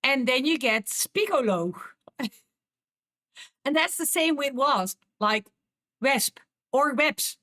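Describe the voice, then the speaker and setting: Dutch woman chatting slowly on stream. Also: high-pitched, expressive, a bit bright. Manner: chatty, laughs often, repeats and restarts words. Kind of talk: casual live-stream chat with viewers.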